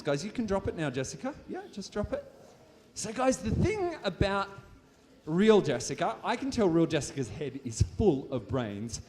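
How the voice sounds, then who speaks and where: An Australian man hosts a live science show from a hall stage, with a fairly high voice that swoops up and down as he jokes with a volunteer and the audience. The sound carries a long hall reverb. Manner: playful, animated, jokey, talking to a volunteer and crowd.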